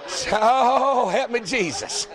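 High-voiced preacher, folksy and shouting. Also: male voice, extremely slow, crowd noise. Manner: folksy, joking, builds to shouting. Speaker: pastor. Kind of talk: sermon.

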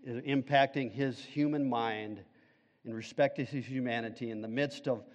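A man's voice: fairly even intonation, moderate pace, dull audio. Fervent preacher man in a reverberant hall. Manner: swings from loud fervent peaks to hushed low passages. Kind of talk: sermon.

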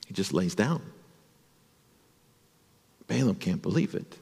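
Male pastor, children's sermon; animated, slow delivery, long church reverb. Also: deep voice, creaky, husky. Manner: animated, addresses children with questions.

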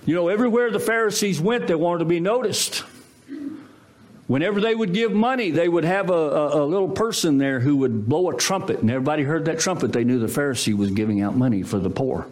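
Animated storytelling male preacher. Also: a little high, quick pace. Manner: storytelling, animated with quoted voices. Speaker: pastor. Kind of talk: sermon.

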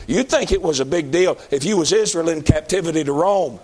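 A man with a high, tenor-ish voice preaches. His delivery is folksy and conversational, rising into emphatic, repeated declarations. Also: lively intonation, a little fast, a little mellow, breathy edge. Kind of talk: sermon.

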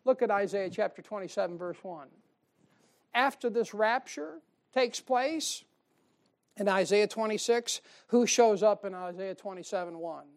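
Woman preaching with rhetorical questions. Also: mid-range voice. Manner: conversational, fires rhetorical questions at listeners; reads scripture slowly and louder. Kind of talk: Bible-study sermon.

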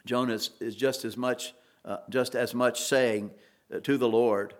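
A man's voice: medium pitch, fairly even intonation, a little slow. A man preaching an expository sermon, earnest, with rising emphasis on key points and occasional restarts.

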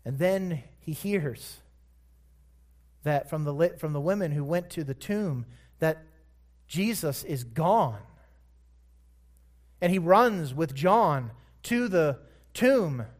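A man delivers a sermon at a slow, unhurried pace, stretching key words for emphasis. His voice sits a little high for a man as he retells the story with careful weight on each phrase. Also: expressive. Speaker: preacher.

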